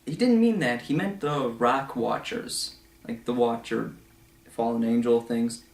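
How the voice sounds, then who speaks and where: A young man giving a casual, rambling film review full of fillers and asides, now and then slipping into quick mocking voices. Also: medium pitch, creaky. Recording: echoey room.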